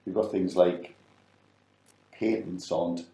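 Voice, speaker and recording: A middle-aged man chats on a business podcast. His voice is very low and dark, and it rings in an echoey room. He rambles and stumbles over repeated words. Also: steady tone, slow pace. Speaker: business advisor, podcast co-host. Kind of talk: casual conversational podcast chat.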